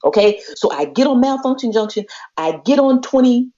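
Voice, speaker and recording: A woman with a somewhat high, warm, animated voice talks at a moderate pace. Co-hosting a podcast, she tells a story expressively, acting out the voices of the people she quotes and laughing often. The audio is muffled and lo-fi.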